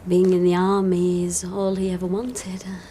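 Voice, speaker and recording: A woman's voice: on the low side, completely flat delivery, normal speed, warm tone, slight background noise, close to an everyday voice. An actress playing a tired, sleepless woman, talking hesitantly with sighs, in a television drama. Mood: weary. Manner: hesitant, sighing, wry. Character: weary insomniac woman, soldier's wife. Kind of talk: TV drama acting.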